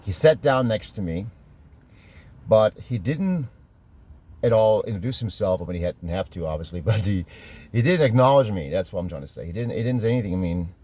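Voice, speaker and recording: A man's voice: fairly low pitch, lively intonation, brisk, dark tone. A middle-aged man from Germany with a German accent, telling stories in a rambling, self-correcting way and laughing at his own memories. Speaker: fitness trainer telling stories. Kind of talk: casual storytelling monologue.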